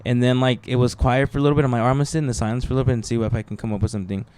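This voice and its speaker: A man's voice: medium pitch, racing, clean tone. A young adult man, a stand-up comedian hosting a podcast, tells stories in casual chat with lots of swearing and acted-out voices. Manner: swearing, animated, acts out voices in quotes.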